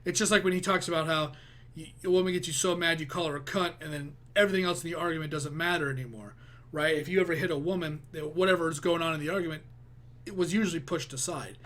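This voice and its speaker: A man's voice: fairly high pitch, quick pace, fairly bright tone. A man giving casual, profane reaction commentary, rambling with many restarts. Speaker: reaction video host.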